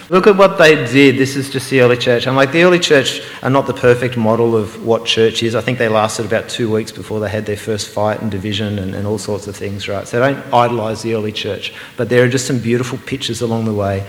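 A man preaching a sermon, earnest and emphatic, sometimes slowing to a hushed, meditative repetition. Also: mid-range voice. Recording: roomy hall with long reverb.

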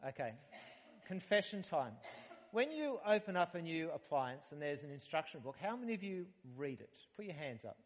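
A man's voice: fairly high pitch, normal speed. Man preaching in a reverberant hall. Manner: conversational, humorous, animated preaching with rhetorical questions. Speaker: pastor. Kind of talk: sermon. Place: church hall.

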